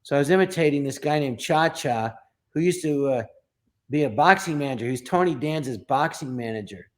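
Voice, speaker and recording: A man's voice: a little high, fairly quick. A middle-aged man from Los Angeles, a comedian guest telling a story in an interview and acting out the quoted lines. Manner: animated storyteller, acts out quoted dialogue.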